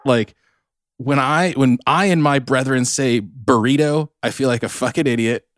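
A man's voice: medium pitch, moderate pace, dry recording, clean studio sound. A man from Southern California with a Southern Californian accent, co-hosting a podcast in a joking, self-deprecating way. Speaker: podcast co-host. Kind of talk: casual chat.

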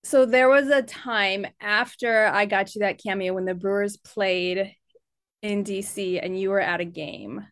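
A woman's voice: medium pitch, measured pace, fairly bright tone, dry recording, clean studio sound. A woman co-hosting a fan podcast in upbeat, chatty conversation, laughing often. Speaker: podcast co-host. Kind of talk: casual chat.

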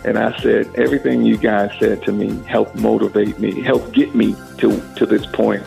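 A man's voice: fairly low pitch, fairly even intonation, moderate pace, gravelly, warm tone. A man in an interview, telling a story animatedly and acting out the quoted dialogue. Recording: phone-like narrow band with faint music.

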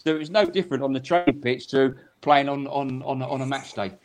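A man's voice: mid-range voice, a little fast. An older man, a former football referee, telling stories on a podcast in a chatty way, repeating words and acting out quotes. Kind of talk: anecdotal storytelling on a podcast.

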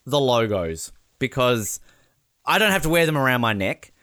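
A man hosting a casual podcast, jokey and quick to laugh. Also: mid-range voice, very animated, pushed and bright, dry recording, clean studio sound. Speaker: podcast host.

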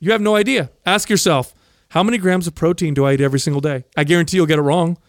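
Over dry studio sound, a man with a somewhat higher voice co-hosts a podcast. He talks in blunt, emphatic bursts and swears freely, pressing his points hard in casual conversation. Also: quick pace, no room sound. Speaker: podcast co-host. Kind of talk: casual chat.

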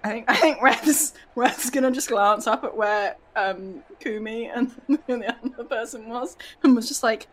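A woman's voice: a little high, normal speed, hardly any pauses, a little hiss or hum. A woman playing a tabletop game, chatty, playful and giggly. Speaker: player.

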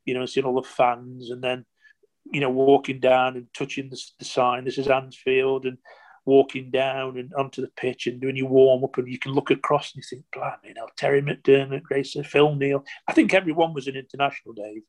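A man in his sixties, a former footballer, telling stories casually in an interview, animated and rambling with lots of "you know" and restarts. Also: mid-range voice, brisk. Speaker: former professional footballer, guest.

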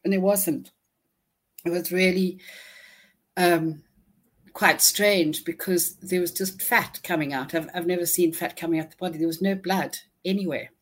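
A woman recounting a personal ordeal in an interview, halting and restarting often, audibly shaken but holding herself together. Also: fairly low pitch, fairly even intonation. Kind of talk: emotional first-person storytelling.

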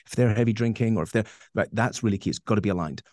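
A man's voice: fairly low pitch, racing, darkish tone, no room sound, studio quality. A man answering interview questions as a coach, emphatic and rambling, with many fillers and restarts. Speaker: guest coach.

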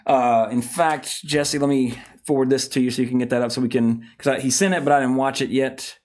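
A man's voice: medium pitch, steady tone, fairly quick, darkish tone. A man co-hosting a podcast in casual chat, blunt and profane, rambling as he reads out listener emails. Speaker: podcast co-host.

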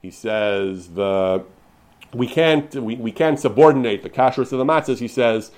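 A man giving an unscripted lecture on religious law, paraphrasing sources with lively emphasis and frequent restarts. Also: medium pitch, a little slow. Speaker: lecturer on Jewish law and history.

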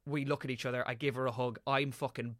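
A man of twenty-seven, an actor chatting as a podcast guest and telling animated stories, swearing casually. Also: medium pitch, quick pace, dry recording, clean studio sound.

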